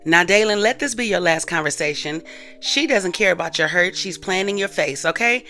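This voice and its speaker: A woman hosting a channel, casually retelling a skit and talking straight to her viewers, with soft music underneath. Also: lowish voice, lively intonation, normal speed. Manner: chatty, addresses viewers directly. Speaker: host recapping skits. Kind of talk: casual storytelling recap.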